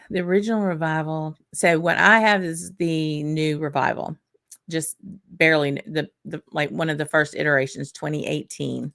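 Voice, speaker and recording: Southern lady chatting on a live stream, low voice with lots of vocal fry, takes her time. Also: steady tone, a bit bright. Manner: unhurried, thinking aloud, frequent small laughs. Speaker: whisky channel host. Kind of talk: casual live-stream tasting chat.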